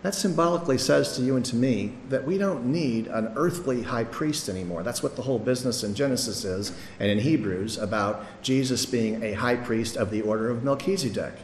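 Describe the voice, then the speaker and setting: A man's voice: mid-range voice, a little fast, few pauses, a little hiss or hum. A middle-aged man giving a sermon as pastor, earnest and conversational, with some restarts. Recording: echoey hall, faint ambience.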